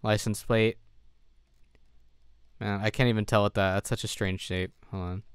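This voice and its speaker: A man's voice: lowish voice, flat delivery, normal speed, clear, resonant tone, no room sound, clean studio sound. A man streaming from home, thinking aloud as he plays, second-guessing himself and sounding tired. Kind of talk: casual live-stream commentary while gaming.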